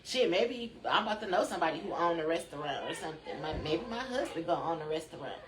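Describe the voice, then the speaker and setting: A woman's voice: on the low side, expressive, quick pace, crowd noise. Woman talking sleepily in an echoey room. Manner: drowsy, chatty, loose and profane. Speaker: spiritual channel host. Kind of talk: rambling spiritual live chat.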